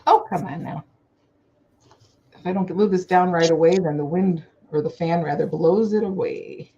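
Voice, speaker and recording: A woman's voice: lowish voice, moderate pace, mellow. A woman co-hosting a casual crafting livestream over a video call, reacting cheerfully while she glues down her craft. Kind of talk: casual chat. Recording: slightly muffled lo-fi line with faint hiss.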